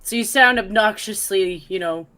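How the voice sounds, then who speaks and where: A woman's voice: mid-range voice, moderate pace, sharp tone. A woman in a casual group chat, playful and teasing, laughing easily.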